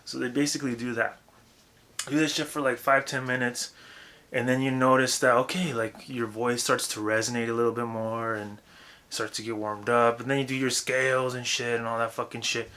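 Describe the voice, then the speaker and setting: A young man giving a casual, profane, rambling lesson on vocal technique, breaking into loud demonstrations. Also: mid-range voice, level tone, moderate pace. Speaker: vocal coach.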